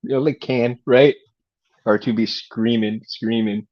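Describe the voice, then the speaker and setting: A middle-aged man from Texas talks casually to his livestream chat, loose and rambling, with frequent laughs and "man" and "dude" thrown in. His pitch sits right in the middle for a man. The audio is a little dull and lo-fi. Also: fairly even intonation, measured pace. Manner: laid-back, rambling, laughs often, says "man" and "dude". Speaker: livestream host.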